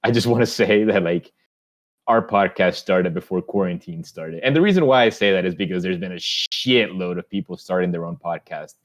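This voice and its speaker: Young guy cohosting a podcast, deep voice, rambles and swears a lot. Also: normal speed. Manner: rambling, swears casually, many restarts. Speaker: podcast co-host. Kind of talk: casual podcast chat.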